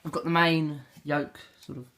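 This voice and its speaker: A man's voice: on the high side, flat delivery, moderate pace, sharp tone. Rambling young man unboxing. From England. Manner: rambling, self-deprecating, lots of fillers. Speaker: unboxing vlogger. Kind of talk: casual unboxing commentary. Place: home bedroom. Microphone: handheld camera mic. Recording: noisy home camera audio. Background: crinkling packaging and clicks.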